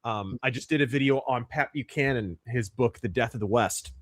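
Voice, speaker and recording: A man's voice: mid-range voice, moderate pace, no echo. Sardonic ranting man, dry close sound. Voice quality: sardonic, emphatic ranter. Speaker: podcast guest, YouTube games commentator. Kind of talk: ranting podcast talk.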